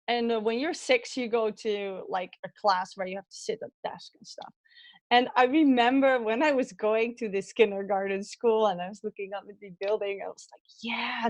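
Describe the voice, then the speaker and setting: A woman with a Dutch accent, a guest in an interview, telling childhood stories in an animated, chatty way. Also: on the high side, no room sound. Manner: animated storytelling with laughs and acted childhood quotes. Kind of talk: conversational interview storytelling.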